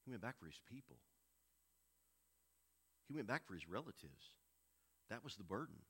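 A man preaching a sermon, swinging between quiet, hushed stretches and loud, raised passages. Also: lowish voice, sing-song, normal speed, breathy edge. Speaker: pastor.

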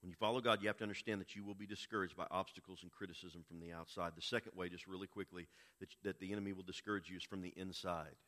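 A man preaching a sermon, swinging between quiet, hushed stretches and loud, raised passages. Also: sits low, steady tone, very fast. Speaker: pastor.

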